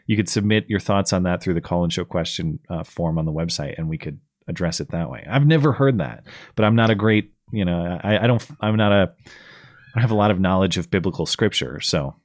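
A man hosting a live call-in show in a low, relaxed voice. He talks casually, pausing and restarting as he thinks. His voice sounds dry and close to the mic. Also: dry recording. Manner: casual, hesitant, halting restarts.

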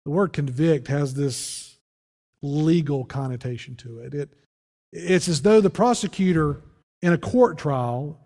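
A man preaching as pastor, earnest, often dropping low and quiet to press a point. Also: long reverb tail. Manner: earnest preaching, voice drops low and soft on key phrases. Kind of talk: sermon.

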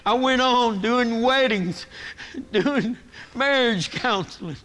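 Slow, high-voiced man preaching a sermon. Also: fairly bright tone. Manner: earnest, emotional preaching that rises and presses when stirred. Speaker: guest preacher. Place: church sanctuary.

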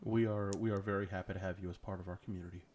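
A man's voice: deep voice, little pitch movement, racing, darkish tone. A man in casual podcast chat, cracking crude jokes and needling the others. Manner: wisecracking, crude joker.

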